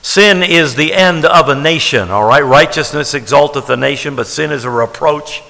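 Bright-voiced preacher in an echoey hall. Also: male voice, on the high side, moderate pace, gravelly. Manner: conversational preaching, repeating phrases for emphasis. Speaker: pastor. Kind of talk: sermon.

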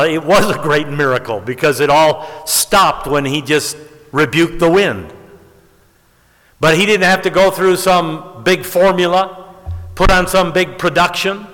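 A man's voice: unhurried, a bit bright. Storytelling male preacher in a reverberant hall. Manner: storytelling, rising to emphatic high peaks. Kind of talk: sermon.

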